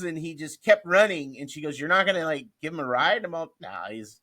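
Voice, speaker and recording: A man's voice: on the high side, lively intonation, brisk, bright, forceful tone. A male comedian telling casual anecdotes in an interview, animatedly acting out the voices of the people in them. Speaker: comedian guest.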